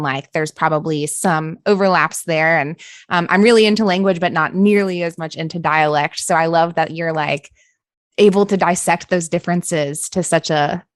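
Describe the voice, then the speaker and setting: A woman with a Western North Carolina accent hosts a casual interview in a somewhat low voice. She sounds eager and agreeable, recorded on a dry close mic. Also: smooth, dry recording. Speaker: podcast host.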